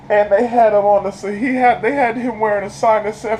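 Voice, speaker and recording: A man's voice: high-pitched, fairly quick, hardly any pauses, a little hiss or hum, low-quality recording. A man giving a casual spoiler review of a TV episode, retelling scenes in colloquial slang and laughing often. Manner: animated retelling, laughs often, slips into character voices; colloquial, laid-back slang.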